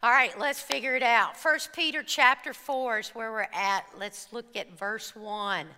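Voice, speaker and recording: Woman preacher, high and animated, echoing hall. Brief: expressive storyteller. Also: measured pace, clean tone. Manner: animated storytelling, acts out screams and quotes. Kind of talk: sermon with personal story. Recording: reverberant hall.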